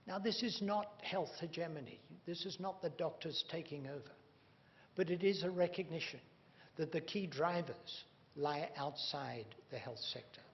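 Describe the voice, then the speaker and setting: A man's voice: on the high side, moderate pace. A man giving a public lecture, emphatic and wry, leaning hard on key words. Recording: dull reverberant hall recording with faint hum.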